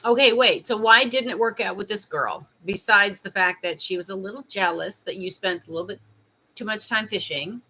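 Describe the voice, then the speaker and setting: Chatty Canadian woman with a bright voice. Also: medium pitch, normal speed. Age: 30s. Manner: chatty and teasing, laughs often, banters with viewers. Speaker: life coach hosting a live stream. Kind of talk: casual live-stream chat with viewers.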